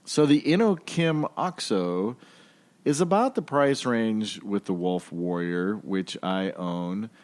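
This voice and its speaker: A man's voice: fairly low pitch, lively intonation, takes it slowly, darkish tone. A man hosting a podcast alone, talking in a casual, jokey and rambling way. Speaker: podcast host.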